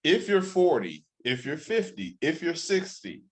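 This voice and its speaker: A man's voice: a little high, big pitch swings, a little slow. A man speaking as a guest life coach in an interview, in an earnest coaching tone that repeats points for emphasis. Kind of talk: conversational interview.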